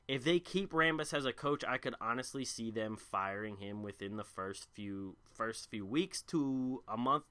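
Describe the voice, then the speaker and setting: Bright-voiced man ranting about basketball. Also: medium pitch. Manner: opinionated, rambling with restarts. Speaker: podcast host. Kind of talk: solo basketball rant.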